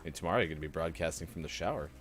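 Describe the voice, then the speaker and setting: A man's voice: sits low, racing, soft background music. A man co-hosting a gaming morning show, bantering casually and calling out to the chat. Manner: animated, jokey, addressing chat. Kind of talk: casual live-stream banter.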